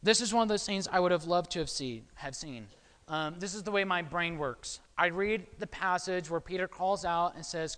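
A man's voice: high-pitched, moderate pace, a bit bright, clear, resonant tone, in a large hall. A man preaching a sermon in a conversational way, often checking in with his listeners. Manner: conversational, frequent "okay?" check-ins.

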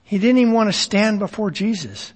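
A man's voice: sits high, lively intonation, fairly quick, breathy edge, big-room sound. A man teaching a Bible study in a conversational way, often asking his listeners questions.

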